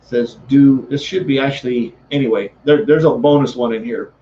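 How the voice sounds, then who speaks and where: A man's voice: medium pitch, moderate pace, dark tone, dull audio, a little hiss or hum. A man giving a motivational talk as a sales coach, fervent and repetitive, often restarting his sentences.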